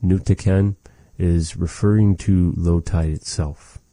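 Deep, slow-speaking male language teacher. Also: dark tone, no room sound. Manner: slow, patient, repeats words after recordings. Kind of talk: language lesson.

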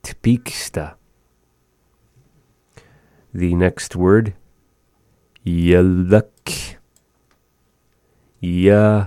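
A very deep, unhurried man voice teaching vocabulary one word at a time. He repeats each word, sounding dark and mellow, as if close to a dry mic. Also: fairly even intonation, no room sound. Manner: slow, repeats each word, chuckles at odd words. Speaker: language teacher.

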